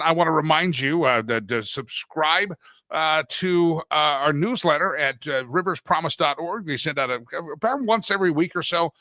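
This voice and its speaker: A man's voice: fairly high pitch, lively intonation, normal speed, bright, forceful tone, no echo. A middle-aged man from Texas hosting a talk show, rambling and joking in casual chat. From Deep East Texas. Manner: rambling, joking, self-interrupting.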